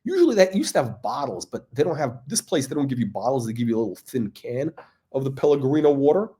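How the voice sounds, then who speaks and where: Animated, rambling, profane man. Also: mid-range voice, quick pace. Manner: sarcastic, profane, meandering with many fillers and restarts. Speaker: watch channel host. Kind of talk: rambling livestream monologue.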